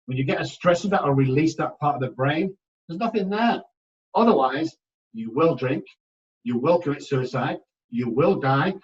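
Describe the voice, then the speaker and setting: Fields: Sex: man. Pitch: fairly high. Role: recovery expert guest. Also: normal speed, recorded from a distance, highs cut off. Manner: energetic, emphatic, addresses listeners as guys. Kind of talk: animated podcast storytelling.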